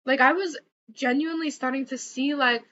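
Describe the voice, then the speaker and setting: A woman's voice: high voice, steady tone, moderate pace, pushed and bright, highs cut off, a little hiss or hum. A young woman vlogging an angry, swearing rant, repeating herself as she builds up heat. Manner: heated, swearing, repeats words.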